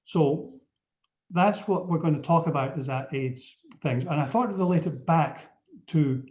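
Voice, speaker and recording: His fairly high, darkish voice moves at a measured pace as he gives a webinar over a video call. He's a Scotsman with a slight accent, hesitant, with many ums and restarts, and the computer-mic audio sounds muffled.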